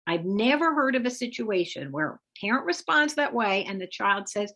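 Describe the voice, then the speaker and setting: A woman presenting an instructive webinar talk as a parenting expert, speaking in a measured, explanatory way. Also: mid-range voice, big pitch swings, pushed and bright. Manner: measured, explanatory, acts out example phrases for parents.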